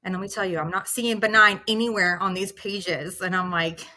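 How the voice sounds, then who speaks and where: A woman in her thirties telling her own story as a patient, animated and acting out her past reactions, close to tears at times. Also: mid-range voice, normal speed, hardly any pauses. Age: 30s. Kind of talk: emotional personal storytelling.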